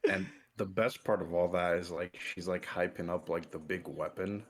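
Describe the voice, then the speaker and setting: A man's voice: sits low, fairly even intonation, moderate pace, a little hiss or hum. A man guesting on a casual podcast, laid-back and joking. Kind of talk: casual comic review chat.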